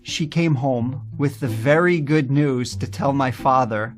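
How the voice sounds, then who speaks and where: A man's voice: mid-range voice, a little slow, few pauses, soft background music. Earnest man telling his testimony. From United States. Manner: earnest, animated, acts out quoted voices. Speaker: speaker giving a personal testimony. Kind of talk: personal testimony storytelling.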